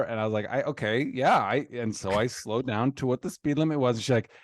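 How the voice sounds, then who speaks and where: A podcast co-host in his thirties tells a family story in casual chat, talking fast in a mid-range voice with hardly any pauses. He's an animated storyteller who acts out quoted voices loudly. The sound is clean studio audio with no echo.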